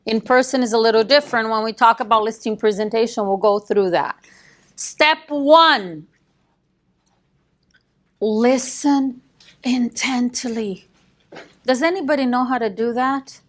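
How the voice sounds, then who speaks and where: Brisk, emphatic woman coaching a class. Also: fairly high pitch. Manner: emphatic, quizzes listeners with rhetorical questions. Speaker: real estate sales coach.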